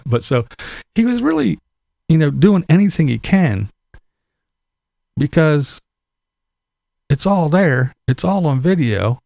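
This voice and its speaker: A man's voice: fairly high pitch, very animated, takes it slowly, vocal fry, long pauses, dark tone, dry recording, studio quality. A middle-aged man from Pennsylvania giving a blunt, profane opinion monologue, laughing between his points. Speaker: vlogger.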